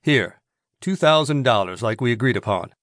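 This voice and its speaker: A man's voice: mid-range voice, animated, moderate pace, fairly bright tone, no room sound, close to an everyday voice. A terse government agent, voiced by a male narrator, blunt and short with his words. The voice is a plain mid male voice in dry, close sound. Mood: curt.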